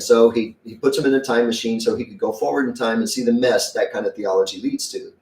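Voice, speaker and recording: A man's voice: on the low side, steady tone, a little fast, a little mellow. Male pastor preaching, chatty folksy delivery, roomy church sound, mic a bit far off. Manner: conversational, folksy preaching with acted-out quotes. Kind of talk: sermon. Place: church sanctuary.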